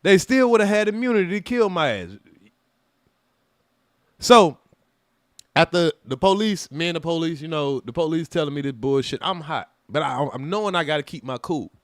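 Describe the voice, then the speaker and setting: A man, hosting a live stream and telling a profane, animated story in which he acts out every side. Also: on the high side, moderate pace, dry recording, studio quality. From United States.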